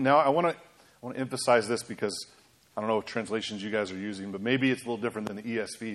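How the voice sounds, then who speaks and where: Male pastor, mid-range voice, emphatic and animated sermon delivery. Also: mid-range voice, fast. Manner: animated, emphatic preaching with rhetorical questions.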